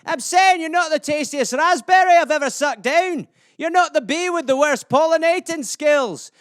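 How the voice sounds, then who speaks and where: A man's voice: extremely high pitch, moderate pace, fairly bright tone, dry recording, clean studio sound, pitched above the performer's own voice. A man voicing a chatty Scottish man who rambles through made-up sayings, cheerfully insulting his listener. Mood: cheeky.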